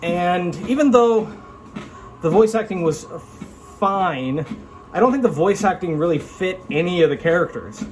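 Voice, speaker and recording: A man talking casually to camera about a show he watched, his voice sitting a little high for a man. He rambles and restarts his sentences, frank and unpolished. A faint hum of room noise lies under his voice. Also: expressive, a little slow. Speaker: vlogger reviewing an anime. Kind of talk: casual spoken review.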